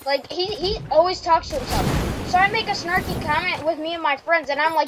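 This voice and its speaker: High-voiced teen girl rambling a story. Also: a little fast, heavy background noise. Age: teens. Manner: rambling, heavy filler "like". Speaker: streamer. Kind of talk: casual storytime while gaming. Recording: loud game music behind.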